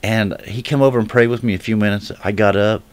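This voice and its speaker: Guy telling his faith testimony to the camera, deepish voice, choked up and halting, keeps restarting. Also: fairly even intonation. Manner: emotional, halting, with frequent restarts; earnest direct appeal to viewers. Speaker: person giving a religious testimony. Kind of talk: heartfelt personal testimony to camera.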